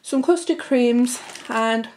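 A woman's voice: a little high, takes it slowly, a little mellow, a little hiss or hum. Breathless chatty woman vlogger. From United Kingdom. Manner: chatty, rambling, keeps addressing viewers as guys. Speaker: family vlogger. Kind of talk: casual grocery haul chat to camera.

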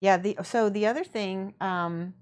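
A young woman casually explaining her painting as she works, chatty and relaxed, answering her viewers and laughing often. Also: medium pitch, a little slow. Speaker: miniature painting streamer. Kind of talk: casual painting tutorial chat.

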